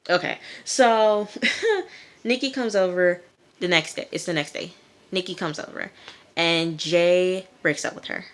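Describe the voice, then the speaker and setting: A woman's voice: fairly low pitch, unhurried. A woman casually recapping a TV episode, chatty with many fillers, talking straight to her viewers. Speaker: TV episode reviewer.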